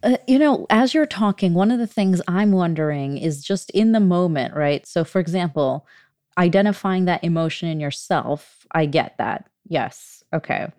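A woman's voice: lowish voice, normal speed, darkish tone, no echo, clean studio sound. A woman host asking questions in a candid, conversational way, laughing at herself. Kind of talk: casual interview chat.

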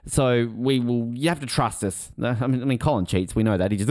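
A man's voice: medium pitch, a little fast, darkish tone, no echo, clean studio sound. A man hosting a casual podcast chat, joking and teasing as he reads out fun facts. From Australia. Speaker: podcast host.

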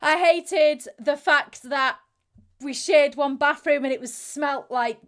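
A young woman with a slightly high voice tells her stories openly and with feeling. She speaks as an interview guest and slips into quick impressions of the people she quotes. She laughs easily as she talks. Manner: animated, acts out quoted voices, laughs readily. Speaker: interviewee, Paralympic athlete. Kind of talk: candid conversational storytelling.

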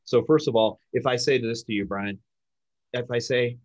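A man explaining communication techniques in an emphatic, animated coaching manner. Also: mid-range voice, normal speed, no echo, highs cut off. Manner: emphatic, animated, acts out example lines. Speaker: sales communication guest expert.

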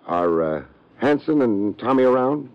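A man's voice: medium pitch, expressive, unhurried. An actor playing a wry, hard-boiled male private detective who narrates and trades dry wisecracks, in 1950s radio drama style. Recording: dull lo-fi old radio recording.

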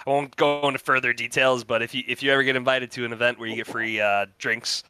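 A man's voice: medium pitch, level tone, fast, pushed and bright, clear, resonant tone, no echo. A young man co-hosting a podcast, talking in a laid-back, rambling way with lots of fillers. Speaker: podcast co-host. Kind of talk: casual chat.

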